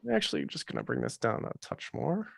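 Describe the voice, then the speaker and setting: A man's voice: medium pitch, big pitch swings, fast talker, gravelly, over loud music. A man running a live mixing tutorial over a video call, casual and thinking aloud with plenty of fillers. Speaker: mixing engineer teaching a livestream.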